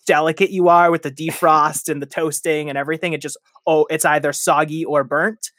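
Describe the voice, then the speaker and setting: A man's voice: fairly high pitch, flat delivery, fairly quick, fairly bright tone, no room sound, clean studio sound. A man chatting casually as a podcast guest, rambling and self-deprecating, often laughing at himself.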